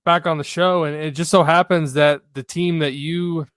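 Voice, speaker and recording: A man hosting a sports podcast, talking casually and often filling pauses with "uh". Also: fairly high pitch, fairly even intonation, a bit bright, no room sound. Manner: filler-heavy, conversational with frequent "uh". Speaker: podcast host.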